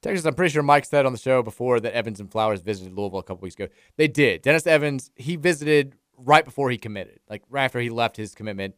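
A man co-hosting a sports radio show, chatting and joking in a quick, casual way. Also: mid-range voice, lively intonation, fairly bright tone, no room sound, studio quality.

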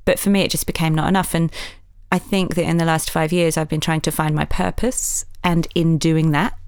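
A woman's voice: sits low, little pitch movement, fairly quick, a little mellow, clean tone, no echo, studio quality. A woman from Yorkshire, an author and journalist, talks earnestly about activism in an interview, with self-mocking asides. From Yorkshire, England. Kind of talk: conversational interview.

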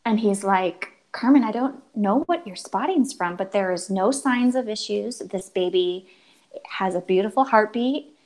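A woman's voice: mid-range voice, expressive, measured pace, darkish tone, low-quality recording. A woman in her thirties, a guest telling an emotional personal story in earnest, acting out quoted dialogue and often restarting her sentences.

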